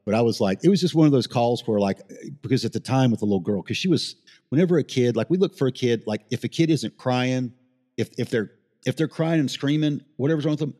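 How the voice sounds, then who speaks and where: A husky, fairly low-voiced middle-aged man rattles off a story at speed, rambling and swearing as he goes. The sound carries a long reverb tail, as if recorded in a large room. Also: warm tone. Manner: fast, rambling, swears freely, emotional. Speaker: paramedic guest. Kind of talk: casual storytelling interview.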